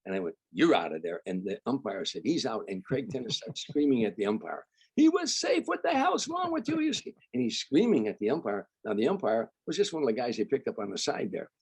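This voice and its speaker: An older man from Chicago, a comedian guest, telling stories in an animated way and acting out the people he quotes. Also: lowish voice, fast, hardly any pauses, husky, no room sound. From Chicago, United States. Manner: animated storyteller, acts out quoted voices. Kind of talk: storytelling interview.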